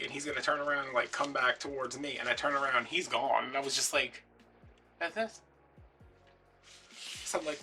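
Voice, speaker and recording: Young man, craft host, rambling storyteller, bright gravelly voice. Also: recorded from a distance. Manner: chatty, rambling, acts out quoted voices in a higher pitch. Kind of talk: casual storytelling while crafting.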